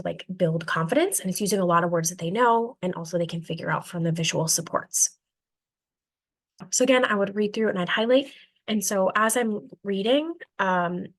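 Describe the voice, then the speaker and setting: A woman's voice: fairly low pitch, brisk. A woman who teaches languages to young students, chatting casually about her reading strategies with lots of fillers and acted-out classroom exchanges. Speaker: elementary world language teacher.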